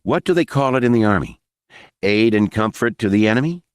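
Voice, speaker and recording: A man's voice: fairly low pitch, animated, fairly quick, smooth, no echo, clean studio sound, natural voice. A male narrator voicing a nervous, sarcastic young soldier who cracks jokes under pressure. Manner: sarcastic, jittery quips.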